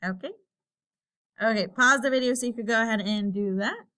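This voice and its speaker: A woman teacher giving a recorded lesson, explaining slowly and patiently and thinking aloud while she types. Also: a little high, pushed and bright.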